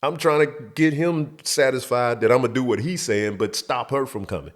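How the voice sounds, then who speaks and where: A man hosting a show, telling a childhood story in an animated, profane, colloquial way. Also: medium pitch, normal speed. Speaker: host. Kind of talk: comedic storytelling.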